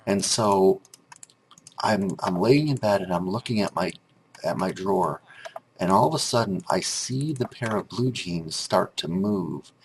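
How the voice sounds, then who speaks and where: A man's voice: sits low, vocal fry, a little hiss or hum. A grown man telling a rambling story over gameplay commentary, with frequent restarts and filler words. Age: adult.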